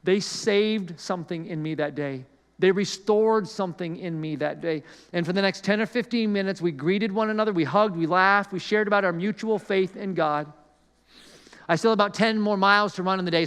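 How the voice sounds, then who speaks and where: Preaching in a big hall with a long, trailing reverb, this pastor tells a personal story as his sermon. His voice is high, smooth and resonant, with a fairly bright tone and a brisk pace. He keeps it chatty and self-deprecating, taking on the voices of the characters he describes.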